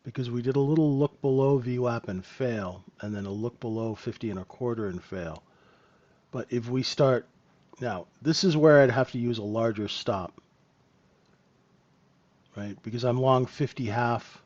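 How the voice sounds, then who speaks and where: A man's voice: mid-range voice, normal speed, a little mellow, dull audio. A man hosting a live trading lesson, talking casually and checking in with "right?" after many points. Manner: conversational, keeps asking "right?". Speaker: trading room host and trainer.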